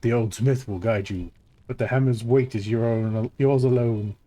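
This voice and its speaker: A man reading the lines of a formal, solemn king in a slow, measured way, close to his own voice. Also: medium pitch, mellow, close to an everyday voice. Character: solemn regal king welcoming a new smith.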